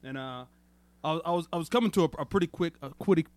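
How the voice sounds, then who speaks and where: A man's voice: a little high, rapid-fire, no echo. A man telling a crude story in a casual podcast chat, swearing constantly and laughing as he goes. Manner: profane, laughs through his story. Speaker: podcast co-host.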